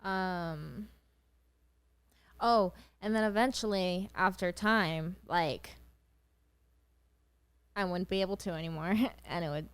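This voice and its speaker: A woman's voice: fairly low pitch, takes it slowly, long pauses, clean tone, no room sound. A young woman co-hosting a podcast, laid-back and laughing often in casual chat. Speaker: podcast co-host.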